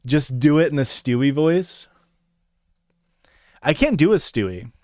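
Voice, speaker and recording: A man's voice: fairly high pitch, lively intonation, a little slow, darkish tone, no echo, clean studio sound. A male streamer chatting casually on a live stream, joking and laughing, and reading mock-grand poems. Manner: laughing, joking, playful overblown poem reading.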